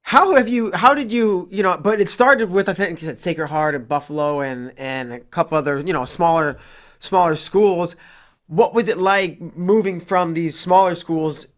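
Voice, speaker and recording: Male podcast host, a bit high, rambling interviewer. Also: normal speed, a bit bright. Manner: rambling, hesitant questions. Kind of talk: interview questions.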